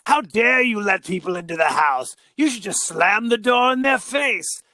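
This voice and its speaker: A man's voice: high voice, animated, moderate pace, sharp tone, dry recording, clean studio sound. A man voicing a menacing, secretive middle-aged uncle in a put-on British accent, indignant and commanding.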